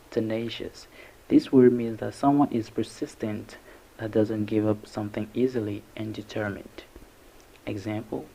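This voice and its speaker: A man teaching English vocabulary, breaking each word into syllables slowly and carefully. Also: medium pitch, gravelly, warm tone, slightly rough, poor audio. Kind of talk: vocabulary lesson narration.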